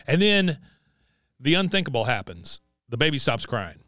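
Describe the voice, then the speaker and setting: A man's voice: mid-range voice, sing-song, normal speed, fairly bright tone, dry recording, clean studio sound. A man co-hosting a casual podcast, recapping a cartoon episode and acting out the characters' lines. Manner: retells scenes, acting out characters' lines in raised voices. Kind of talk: casual chat.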